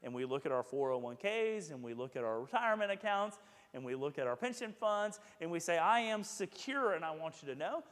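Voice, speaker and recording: A man's voice: a little high, expressive, quick pace. A man preaching a casual sermon as pastor, chatty and joking, acting out quoted voices. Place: church sanctuary. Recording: echoey church sanctuary with long reverb.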